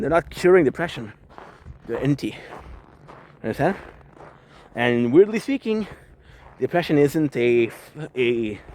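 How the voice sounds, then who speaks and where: Out on a skateboard in the snow, a man with a medium-pitched, somewhat mellow voice vlogs into a self-held camera. His casual monologue rambles, turns profane, and gets self-reflective, while faint street ambience and passing cars add slight background noise.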